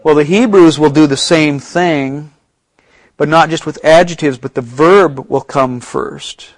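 A man's voice: a little high, no room sound, low-quality recording. Man teaching Bible study, dry sound. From United States. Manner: explanatory, slows down to stress key points. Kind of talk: casual Bible teaching talk.

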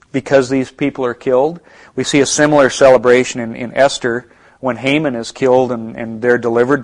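Earnest American man teaching the Bible. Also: medium pitch. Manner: earnest, reflective, many restarts and asides.

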